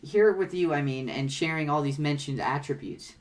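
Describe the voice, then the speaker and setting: A woman reading a bubbly, excitable teenage girl who gushes, stammers and drops internet slang. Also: low voice, normal speed, close to an everyday voice. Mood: flustered. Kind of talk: reading comic dialogue aloud.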